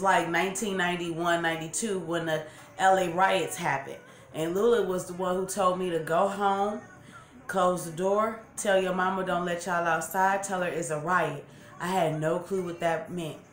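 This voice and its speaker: Rambling eating-show vlogger, woman in her 40s, lowish voice, roomy sound. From Los Angeles. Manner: rambling, chatty, self-correcting. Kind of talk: storytelling while eating on camera. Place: room at home, seated in a chair. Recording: roomy room with faint background music.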